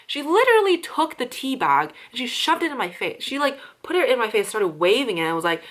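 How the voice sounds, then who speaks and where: A woman's voice: on the high side, big pitch swings, brisk, hardly any pauses, a bit bright. A young woman who works as a restaurant server, ranting casually with lots of swearing and fillers. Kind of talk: casual chat.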